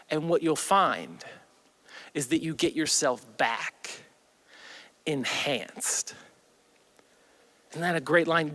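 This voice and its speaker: A man preaching a sermon in a conversational way, with quick asides, restarts, and key lines slowed down and dropped almost to a whisper. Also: a little high, fairly bright tone. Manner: slows and drops to near whisper on key lines. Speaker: pastor.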